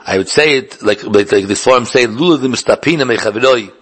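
Guy teaching talmud, husky voice, keeps restarting and repeating words, drops hebrew terms all over. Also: mid-range voice, brisk, a bit bright. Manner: thinks aloud with many repeated words and restarts; mixes English with Hebrew and Yiddish learning terms. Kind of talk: Talmudic lecture.

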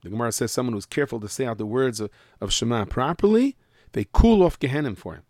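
A man's voice: mid-range voice, expressive, fast talker, a little mellow, no room sound, studio quality. A man teaching a Mishnah class, explaining the text and sounding out words carefully. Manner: explains in English mixed with Hebrew and Yiddish terms, stressing pronunciation. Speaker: Torah teacher.

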